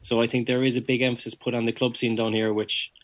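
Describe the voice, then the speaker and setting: A man's voice: mid-range voice, flat delivery, fast. Man, Kerry accent, former player, easygoing, phone interview. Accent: Kerry Irish. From Ireland.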